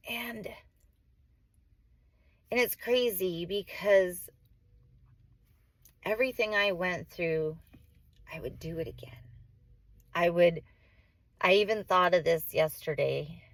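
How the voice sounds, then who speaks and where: A woman in her forties, a mother vlogging to camera, speaks in a fairly low voice at a slow pace with frequent pauses, in a dry recording. Her heartfelt, casual talk rambles, packed with "like" and self-corrections as emotion creeps in.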